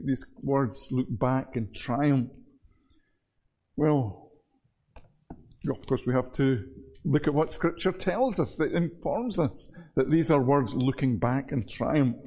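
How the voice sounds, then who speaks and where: Earnest preaching man, mellow voice. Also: mid-range voice, slightly rough, highs cut off. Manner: earnest, measured preaching with repetitions. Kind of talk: sermon.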